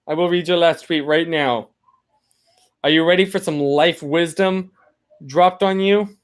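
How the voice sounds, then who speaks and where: A man's voice: fairly high pitch, measured pace. A young man hosting a casual livestream, chatting to viewers in a rambling, apologetic way full of filler words. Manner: playful, reads chat names aloud. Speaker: livestream host.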